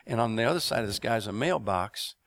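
This middle-aged man delivers a testimony sermon at a brisk clip in a fairly low voice. Full of energy, he spins stories, laughs, and addresses questions to his listeners.

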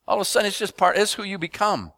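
A man preaching a sermon to a congregation, asking them to respond and building up rhythmic repeated phrases into loud emphatic bursts. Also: high voice, quick pace, dry recording. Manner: addresses congregation with call-and-response questions.

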